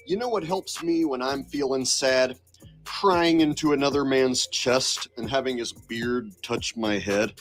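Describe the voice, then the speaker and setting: A man's voice: on the high side, expressive, a little slow, faint music behind. A man talking in a sarcastic, insistent way, delivering commentary for his video channel. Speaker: online commentator.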